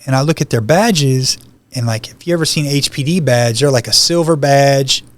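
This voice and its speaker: A man's voice: medium pitch, normal speed. Man telling his story, casual. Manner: conversational storytelling, acts out quoted lines. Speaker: podcast guest. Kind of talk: personal testimony.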